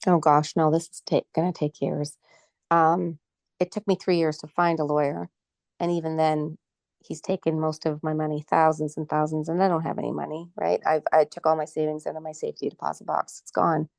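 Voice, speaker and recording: A woman's voice: low-pitched, flat delivery, fairly quick, vocal fry, a little mellow, dry recording, studio quality. Indignant Canadian woman, fired up. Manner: agitated, indignant, emotional. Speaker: guest. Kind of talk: casual interview talk.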